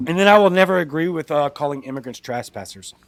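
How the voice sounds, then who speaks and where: A young man with a Cajun accent, a podcast guest telling a personal story in blunt, animated casual talk. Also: on the high side, quick pace. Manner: blunt, animated retelling with acted-out quotes.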